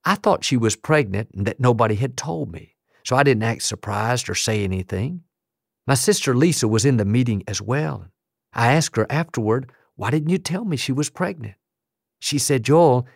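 A man's voice: medium pitch, expressive, normal speed, vocal fry, dry recording, studio quality. A middle-aged male pastor preaching a sermon with emphatic, repeated declarations and punchy rises on key phrases.

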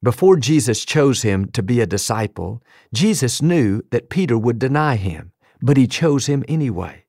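A man's voice: medium pitch, animated, normal speed, darkish tone, no room sound, clean studio sound. A man preaching a sermon, telling a story earnestly and acting out the quoted lines. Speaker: pastor.

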